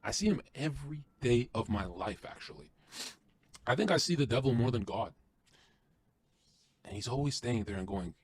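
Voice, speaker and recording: A man guesting on a podcast, delivering an intense, profane motivational rant that swings from loud to hushed. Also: mid-range voice, animated, moderate pace, pauses often, husky, no room sound.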